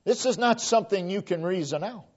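A man preaching a sermon with slow, deliberate emphasis, his voice sinking to a hush at the end of phrases. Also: sits high, muffled recording.

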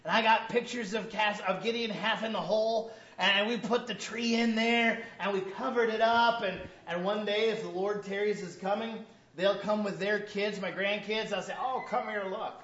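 A man's voice: high voice, fairly even intonation, normal speed, hardly any pauses, a bit bright, slight background noise. A man preaching a sermon as a pastor, joking and acting out little scenes with quoted voices. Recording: roomy, dull lo-fi sound.

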